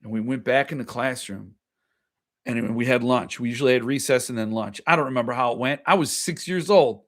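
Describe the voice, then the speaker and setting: A man's voice: mid-range voice, a little fast, fairly bright tone. A middle-aged man hosting a casual livestream, chatting and reacting to viewer comments, often trailing off and restarting his sentences. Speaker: host.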